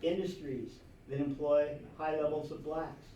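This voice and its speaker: A man's voice: fairly high pitch, flat delivery, measured pace, dark tone, slight background noise. A man teaching a history class, lecturing animatedly with rhetorical questions and chuckling asides, recorded from across a classroom. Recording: echoey classroom recorded from far off.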